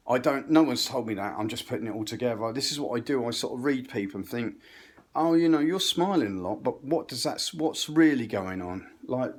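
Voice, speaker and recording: An English man telling a rambling, profane story in a stand-up style, often interrupting himself. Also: medium pitch. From England. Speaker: comedian.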